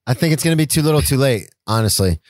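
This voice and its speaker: A man's voice: mid-range voice, expressive, fast, a little mellow, a little hiss or hum. A man co-hosting a podcast, giving blunt opinions in casual sports chat, swearing and repeating himself. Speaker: podcast co-host.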